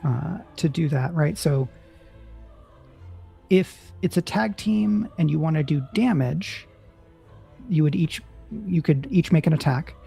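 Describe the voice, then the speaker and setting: A game master narrating a tabletop role-playing battle in a measured, descriptive way, checking in with the players. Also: medium pitch, gravelly, warm tone, slightly rough, faint music behind. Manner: measured, descriptive, hesitant restarts.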